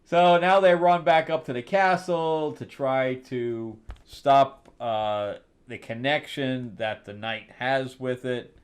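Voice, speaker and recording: A man's voice: medium pitch, slow, hardly any pauses. Rambling, sarcastic male comic reviewer. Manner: rambling, sarcastic, laughs often. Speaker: comic book reviewer, host. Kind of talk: casual review chat.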